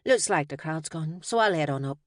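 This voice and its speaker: A woman's voice: sits low, lively intonation, fairly quick, no echo, studio quality. A woman voicing a cheerful mother who works as an agent, speaking with a Northern English accent and rounded vowels. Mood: friendly.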